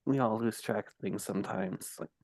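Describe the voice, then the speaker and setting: A man's voice: on the low side, normal speed, vocal fry, darkish tone, no room sound. A man playing a tabletop game, speaking in a friendly, reassuring way. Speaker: player.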